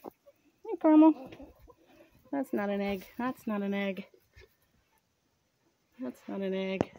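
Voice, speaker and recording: Slow, soft-spoken woman fussing over hens. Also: medium pitch, creaky. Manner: coos and scolds her birds softly, often murmuring. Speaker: vlogger tending her chickens. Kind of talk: casual talk to animals. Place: outdoors in a chicken yard.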